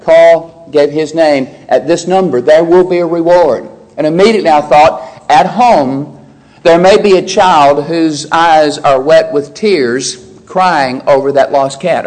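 A man preaching a sermon in a measured, emphatic way, slowing down to stress key words. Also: fairly high pitch, a little mellow, poor audio.

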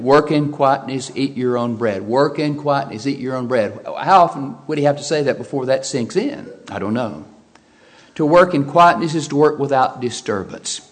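A man preaching a sermon, stressing and repeating key phrases, moving between forceful emphasis and quieter explanation. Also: mid-range voice.

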